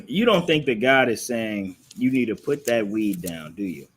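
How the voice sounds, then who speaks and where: A man's voice: on the low side, lively intonation, measured pace, breathy edge. A man teaching a live-streamed religious class, scolding his listeners with confrontational preaching and repeated rhetorical questions. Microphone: streaming live from a phone or computer.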